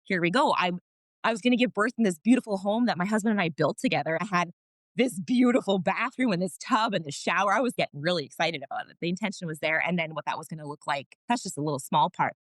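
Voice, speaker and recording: A woman's voice: on the low side, quick pace, no room sound. Woman, mother of four, podcast guest, earnest candid storytelling, dry close sound. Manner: earnest and emotional, laughs often, frequent restarts.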